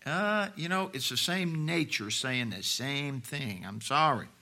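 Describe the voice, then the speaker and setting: Middle-aged male pastor, very bright and forceful voice, preaching with rises and drops, homely asides. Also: expressive, a little slow, gravelly. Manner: preaching with big swings in volume and pitch; homely asides with laughs to the congregation. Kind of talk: sermon.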